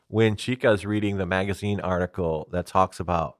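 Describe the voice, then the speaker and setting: Low-voiced man on a casual podcast. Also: moderate pace, no echo, clean studio sound. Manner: animated retelling, laughs often. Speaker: podcast co-host. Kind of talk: casual chat.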